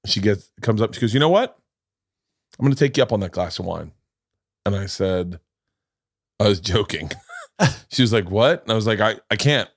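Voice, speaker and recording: A man's voice: lowish voice, expressive, moderate pace, long pauses, slightly rough, dry recording. Middle-aged male podcast host, storyteller, profane, does quoted voices, dry close sound. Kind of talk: casual chat.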